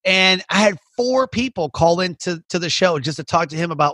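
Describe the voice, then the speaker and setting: A man who runs a podcast talks in a loose, rambling flow, stringing thoughts together with "like" and restarts. His voice is bright, somewhat high and husky. The recording is dry and close. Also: normal speed, no echo. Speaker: podcast host and coach. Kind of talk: casual interview chat.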